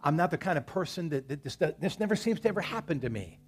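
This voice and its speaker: Husky-voiced male pastor preaching. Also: on the high side, expressive, fast talker. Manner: conversational preaching, storytelling with scripture quotes. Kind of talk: sermon. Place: church service.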